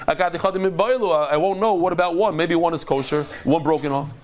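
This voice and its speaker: A man teaching a daily Talmud class as a rabbi, explaining in an animated, dramatic way with quick restarts. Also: fairly high pitch. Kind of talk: lively Talmud lecture to a live group.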